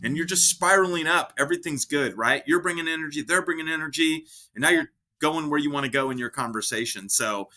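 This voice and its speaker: An energetic man co-hosting a relaxed advice talk, keeping his tone upbeat. His voice sits a little high and rings bright and forceful. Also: a little fast. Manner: energetic, upbeat, gives lively examples. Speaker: podcast co-host. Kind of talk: casual advice chat.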